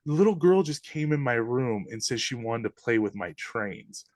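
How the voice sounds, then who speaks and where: A man in the middle of his voice range tells spooky stories in a loose, excitable way, with casual slang. The sound is close and dry. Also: mid-range voice, normal speed, no echo. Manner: animated, breathless retelling of eerie events, casual slang. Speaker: podcast guest. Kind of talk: casual storytelling.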